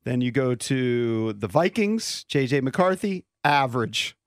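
A man's voice: mid-range voice, expressive, a little slow, heavy background noise. A male co-host on sports talk radio, reading out grades in a list-like way. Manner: reads stats in a list-like delivery.

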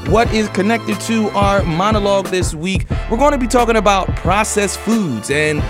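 A man's voice: high-pitched, normal speed, over music. A man hosting a news podcast, reading stories and then chatting about them with many fillers and restarts. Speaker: podcast host.

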